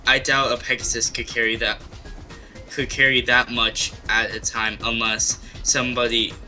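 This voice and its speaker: A man reading his role-play post aloud, halting and restarting as he goes. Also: mid-range voice, level tone, sharp tone, soft background music, low-quality recording.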